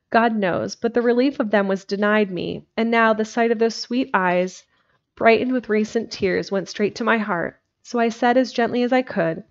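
A woman reading a classic novel aloud, steady with occasional slips and restarts. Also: mid-range voice. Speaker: narrator. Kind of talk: audiobook reading. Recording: dull lo-fi livestream recording.

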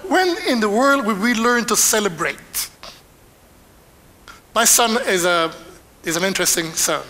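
High, bright-voiced older bilingual preacher. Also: male voice, a little slow, a little hiss or hum. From Panama. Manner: switches between Spanish and English line by line, animated. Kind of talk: bilingual sermon.

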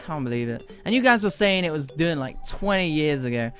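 A man's voice: on the high side, expressive, fairly quick, hardly any pauses, a bit bright. A man streaming a game, bantering with his chat and mock-scolding them between plays. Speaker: gaming streamer. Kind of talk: gameplay commentary. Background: game music.

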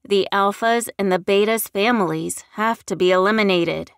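A woman's voice: mid-range voice, moderate pace, smooth, no echo, studio quality, close to an everyday voice. A woman voicing a ruthless male wolf shifter henchman who argues coldly. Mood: argumentative. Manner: argumentative, cold.

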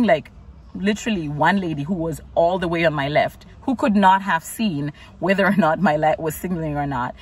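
A woman's voice: low-pitched, brisk, husky, distant mic. A woman vlogger casually recounting her week, exasperated and chatty, full of "like"s. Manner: chatty, exasperated retelling with many "like"s. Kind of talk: casual storytelling vlog.

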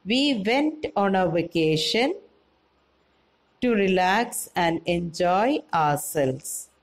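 Indian english lady teacher going over grammar, slow and super clear, voice bounces up and down a lot. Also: on the low side, lively intonation, low-quality recording. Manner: slow, clear explaining with questions to pupils. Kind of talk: classroom grammar lesson.

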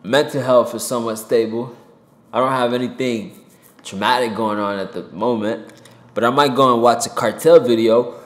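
A rapper giving a heated opinion monologue to camera from a home desk mic, swearing and jumping loud and high for emphasis. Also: male voice, steady tone, moderate pace, roomy sound. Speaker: rapper and commentator. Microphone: desk mic with pop filter.

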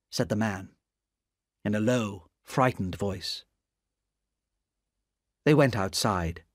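A reader narrating a chaptered storybook slowly and clearly, with expressive pitch. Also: dry recording, clean studio sound. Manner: slow, expressive reading with lively pitch.

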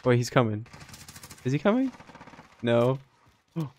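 A young man doing casual gameplay commentary on his own gaming channel, rambling softly in the intro, then laughing and calling out excitedly. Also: medium pitch, unhurried. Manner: excitable, laughing, lots of "dude" and "yo"; soft-spoken and rambling in the intro. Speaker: gaming YouTuber.

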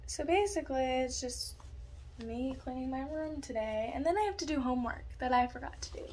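Young woman, high voice, scattered ranting vlog talk, dorm room, faint room hiss. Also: brisk, a little mellow. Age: young adult. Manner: scatterbrained, ranting, swears casually. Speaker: vlogger. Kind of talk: casual vlog chat.

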